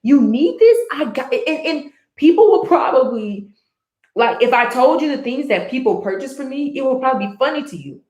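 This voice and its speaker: A woman's voice: sits high, expressive, brisk, darkish tone, roomy sound. A woman vlogging in a casual, earnest way about her personal life, rambling with restarts and fillers. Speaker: book chat vlogger.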